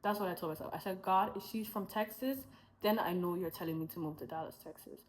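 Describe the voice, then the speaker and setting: Chatty young woman with a lowish voice. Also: fast talker, slight background noise, poor audio. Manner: chatty storytelling, acting out her own past dialogue; rambling with asides and self-corrections. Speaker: vlogger sharing her faith testimony. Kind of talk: casual testimony vlog.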